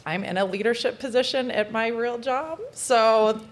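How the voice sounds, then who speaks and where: A woman on a podcast panel giving her view in a measured, self-assured way. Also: on the high side. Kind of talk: casual discussion.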